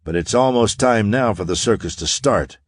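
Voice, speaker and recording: A man's voice: fairly low pitch, expressive, normal speed, no echo, studio quality, close to an everyday voice. A man voicing a confident young space hero in an audiobook, wry, clipped and commanding.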